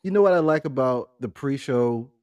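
A middle-aged man chatting on a family podcast, easygoing and rambling, with frequent laughs. His voice sits at an ordinary pitch and sounds close and dry, with no room around it. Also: expressive, normal speed, a little mellow, no room sound. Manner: laid-back, rambling, laughs often. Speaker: podcast co-host. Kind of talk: casual family podcast chat.

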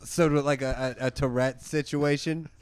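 A man's voice: medium pitch, fairly even intonation, moderate pace, clear, resonant tone, no echo, close to an everyday voice. A man playing a dry, sarcastic police officer in an improvised comedy sketch, asking mock-serious questions. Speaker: guest comedian.

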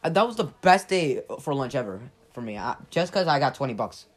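A man's voice: medium pitch, very animated, fairly quick. A young man chatting casually, telling rambling, exaggerated stories. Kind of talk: casual chat.

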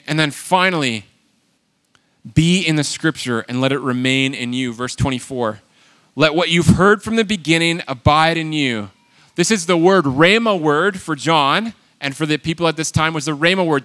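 A man preaching a sermon, animated and emphatic, swinging between loud exhortation and quiet asides. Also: on the high side. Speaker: pastor.

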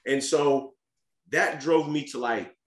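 Slow and fairly bright, this man's mid-range voice carries an earnest, casual family story he tells as a podcast guest. He repeats words and restarts often, and the recording has a roomy echo.

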